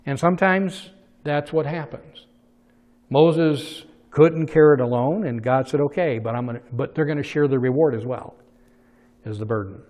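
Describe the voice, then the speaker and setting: A man preaching in an animated way, his voice sitting a little high for a man. He moves between quiet asides and loud, emphatic peaks. His words ring out with the long reverb of a large hall. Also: moderate pace. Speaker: pastor. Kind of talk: sermon.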